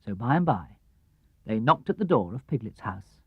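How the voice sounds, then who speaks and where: A man reading a children's storybook aloud in an expressive, lively way, on an old studio record. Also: normal speed, breathy edge, dry recording. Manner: lively, expressive, drops low and soft for narration tags. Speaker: audiobook reader. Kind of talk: storybook narration. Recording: dull, dry 1970s LP studio recording.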